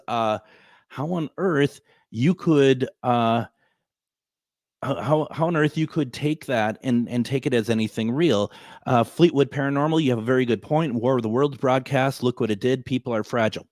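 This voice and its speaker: A man's voice: mid-range voice, normal speed, a little mellow, dry recording, studio quality. A man in his forties hosting a radio show, telling a story in a rambling, chatty way with frequent restarts and chuckles. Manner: rambling, self-correcting, chuckling. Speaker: radio host. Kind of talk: casual storytelling to listeners. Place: radio studio.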